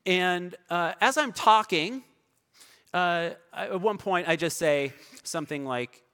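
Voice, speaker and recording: A man's voice: high voice, a little slow, smooth. Man preaching in a reverberant hall. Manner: conversational storytelling, varying loud and soft. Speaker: pastor. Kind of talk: sermon. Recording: long reverb of a large hall.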